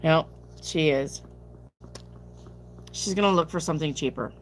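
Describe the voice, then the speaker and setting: A woman's voice: deep voice, measured pace, slight background noise. A woman reading tarot on a live stream, chatting casually, reading viewer questions aloud and answering them bluntly, sounding sleepy. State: sleepy, yawning.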